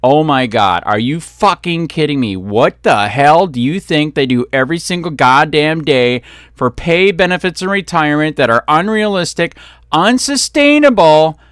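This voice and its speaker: Furious ranting man, lively pitch. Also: moderate pace, dry recording, studio quality. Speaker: copwatch vlogger. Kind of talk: angry ranting commentary.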